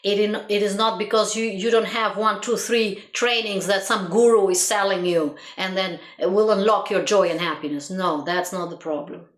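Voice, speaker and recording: A woman's voice: mid-range voice, steady tone, normal speed, hardly any pauses. A woman giving an earnest reflective monologue as a motivational speaker, who repeats herself for emphasis and laughs at her own stories. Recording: roomy echo.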